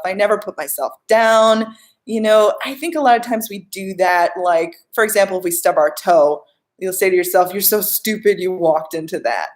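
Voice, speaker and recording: A young woman talks casually on a live stream, coaching her viewers. She reads out their questions and answers them in a chatty, easygoing way, with plenty of filler words. Her voice sits in a middle pitch for a woman. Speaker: life coach.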